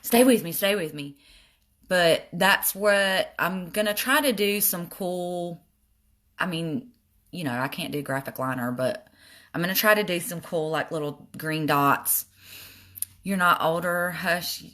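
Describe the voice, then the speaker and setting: A woman's voice: fairly low pitch, a little slow, sharp tone. An older woman with a Southern accent chats casually while demonstrating her eye makeup and answering viewers' comments. She often makes fun of herself. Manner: chatty, self-deprecating, reads comments aloud. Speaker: makeup live streamer. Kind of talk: casual makeup tutorial live stream.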